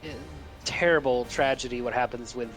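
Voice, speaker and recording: A man who is a father, talking casually about a film in a thoughtful, halting way. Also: medium pitch, fairly bright tone, faint music behind, poor audio. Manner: thoughtful, halting, many restarts. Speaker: guest co-host.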